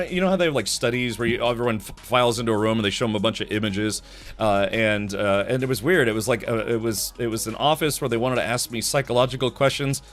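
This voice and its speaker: A tired man hosts a casual live stream, his voice sitting at an ordinary middle pitch as he rambles from one story to the next. He drops in mouth sound effects as he talks, and faint music runs softly behind him.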